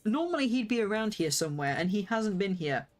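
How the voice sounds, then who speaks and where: A young woman chats her way through a game stream, bouncing between casual rambling and sudden excited squeals. Her voice sits at an ordinary middle pitch, close on a desk mic. Faint game music plays underneath. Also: fairly quick. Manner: excitable, jumps into squeals and gasps. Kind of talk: casual game livestream chat.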